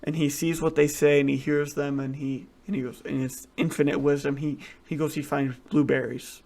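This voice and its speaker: A man's voice: a little high, little pitch movement, normal speed, creaky, a little mellow. A man co-hosting a casual podcast, rambling through crude jokes with lots of restarts. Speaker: podcast co-host. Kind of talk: casual chat, crude joke telling.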